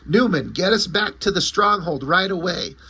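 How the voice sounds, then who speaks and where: A man voicing a calm, commanding male comic-book hero who gives quick, reassuring orders. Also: high-pitched, breathy edge, heavily acted. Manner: brisk, reassuring.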